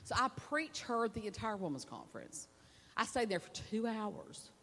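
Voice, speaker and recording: A woman preacher tells a folksy, animated story to a women's conference. Her voice sits fairly high and swings widely in pitch, and a long hall reverb trails every phrase. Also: normal speed, gravelly. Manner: animated, folksy storytelling with laughs and acted-out quotes. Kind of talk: storytelling sermon.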